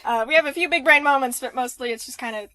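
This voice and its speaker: A woman's voice: sits high, quick pace, sharp tone, no echo. A woman co-hosting a casual podcast chat, irreverent and swearing freely with jokey asides. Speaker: podcast co-host.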